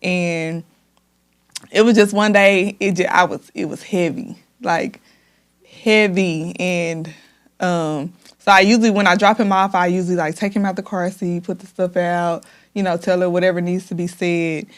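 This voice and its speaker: A woman's voice: on the low side, steady tone, normal speed. Young woman telling her story candidly. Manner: emotional, heartfelt, frequent "like" fillers. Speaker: podcast guest, hairstylist.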